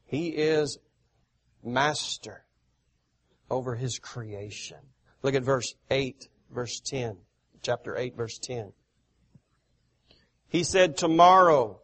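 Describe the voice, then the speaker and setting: A male preacher giving a sermon, reading scripture aloud and swelling loud on key phrases. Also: medium pitch, slow pace, long pauses.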